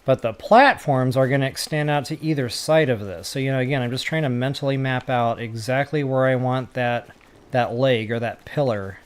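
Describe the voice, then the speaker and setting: A man's voice: mid-range voice, slight background noise. Chatty man thinking aloud while gaming. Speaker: gaming tutorial creator. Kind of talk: casual gameplay commentary.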